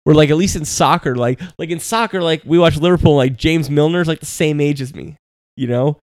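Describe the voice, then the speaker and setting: A man's voice: fairly high pitch, fairly quick, no room sound, clean studio sound. A man in his thirties co-hosting a podcast, rambling in casual sports chat and saying "like" a lot. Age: 30s. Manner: rambling, heavy use of "like". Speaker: podcast co-host.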